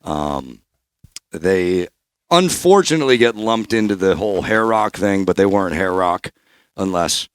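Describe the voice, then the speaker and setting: A man from Northern California hosting a casual podcast interview, animated and profane, with rambling restarts. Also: low voice, measured pace, clean tone, dry recording, clean studio sound. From Bay Area, Northern California. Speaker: podcast host.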